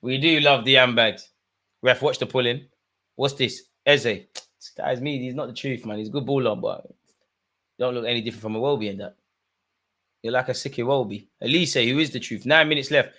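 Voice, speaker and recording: Young guy hosting a match watchalong, punchy voice, goes from mumbling to shouting at the telly. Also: mid-range voice, a little fast. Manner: excitable, swings from muttering to shouting at the screen. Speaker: football watchalong host. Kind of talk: live watchalong commentary, casual.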